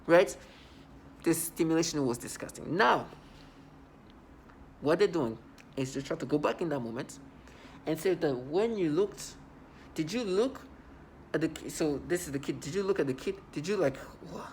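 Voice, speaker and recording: A man's voice: a little high, animated, moderate pace, long pauses, a little hiss or hum. A man talking straight to camera in a casual monologue, agitated and rambling, repeating himself often.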